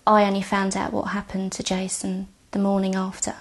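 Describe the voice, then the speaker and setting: A woman giving halting, quiet testimony about her brother, often dropping near a whisper and close to tears. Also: mid-range voice, completely flat delivery. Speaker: bereaved sister giving testimony. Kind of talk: recounted personal testimony.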